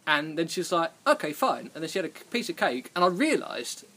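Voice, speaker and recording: Bright, chatty man telling stories. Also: on the high side, very animated, a little fast. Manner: rambling, self-deprecating, laughs often. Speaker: podcast host. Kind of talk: casual storytelling chat.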